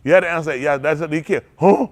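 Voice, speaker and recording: A man's voice: fairly high pitch, fast talker. A man preaching in a folksy storytelling sermon, laughing often and repeating phrases as he acts out quotes. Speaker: pastor.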